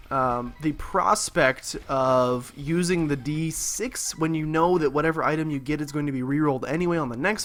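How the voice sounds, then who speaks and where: Young male let's play host, somewhat high voice, slightly husky, sarcastic and rambling. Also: fairly bright tone. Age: young adult. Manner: rambling, sarcastic, filler-heavy. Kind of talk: gameplay commentary.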